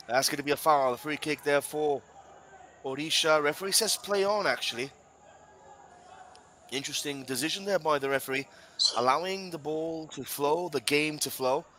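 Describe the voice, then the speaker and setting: Male football commentator from Gibraltar, bright tone, chatty live play-by-play with a faint hum behind it. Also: fairly high pitch, normal speed, pauses often, rough recording. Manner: chatty, addresses co-commentator and viewers directly.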